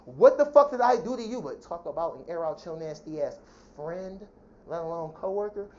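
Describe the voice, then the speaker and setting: A woman venting in a heated, profane personal rant, talking fast and indignantly about how she has been treated. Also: on the low side, lively intonation, warm tone, a little hiss or hum. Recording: dull lo-fi sound.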